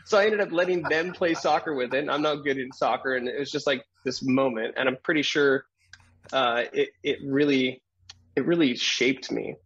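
A middle-aged man, a guest on an interview show, telling a personal story in a lively way, acting out the voices of people in it and laughing often. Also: mid-range voice, moderate pace, husky, lo-fi sound.

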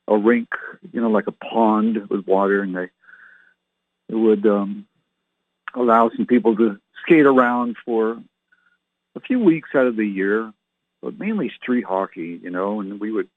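A man's voice: on the low side, dry recording. Older man in his sixties, rambling solo host, chatty and jokey, recorded dry over a tinny phone-like line. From Canada. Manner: chatty, joking, meandering. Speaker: show host. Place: enclosed patio at home.

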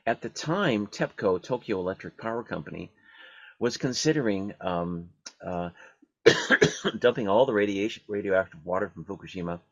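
A man with a lowish, husky voice hosts a radio talk show. He speaks haltingly, stopping often for fillers and restarts. The recording is dull and dry. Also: no echo.

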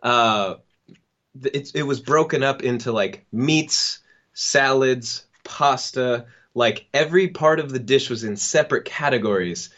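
A young man telling a funny personal story on a podcast, acting out the people in it and laughing now and then. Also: medium pitch. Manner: animated, acts out the people in his story with quick laughs. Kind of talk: casual storytelling. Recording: dull lo-fi sound.

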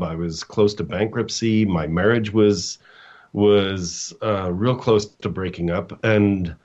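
A middle-aged man, a coach and guest, telling a personal story in a halting way, with restarts and acted-out quotes. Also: fairly low pitch, dull audio. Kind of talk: storytelling in a casual interview.

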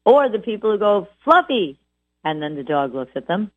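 Low-voiced woman trainer on a tinny line. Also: fairly quick, no echo. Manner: animated, mimics owners with repeated words. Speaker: dog trainer. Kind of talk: instructional talk. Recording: tinny phone-like audio.

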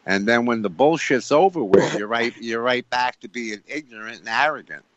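A man's voice: medium pitch, normal speed, no echo. A man on a radio show talking about faith emphatically, repeating himself and asking rhetorical questions. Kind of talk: preachy spiritual talk. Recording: dull lo-fi radio sound.

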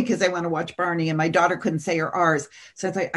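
A middle-aged woman, a guest on an interview show, telling an animated, dramatic story and often laughing. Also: on the low side, fairly quick, hardly any pauses. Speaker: guest, author and seminar teacher.

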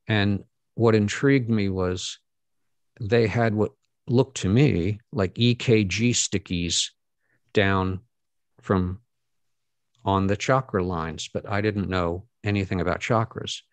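A middle-aged man appearing as a guest speaker earnestly shares a personal story with an audience. His lowish voice often stalls on fillers and false starts, and the recording has no echo.

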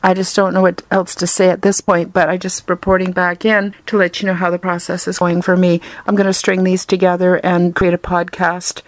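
A woman's voice: fairly low pitch, level tone, a little fast, hardly any pauses, dry recording. A woman from Canada, giving an earnest, effusive personal testimonial.

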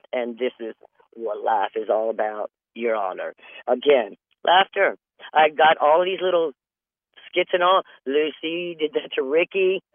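Calling in from a closet, a comedy show host rambles through a funny monologue over a tinny phone line, cracking himself up along the way. His voice is mid-range, and the small room keeps the recording dry.

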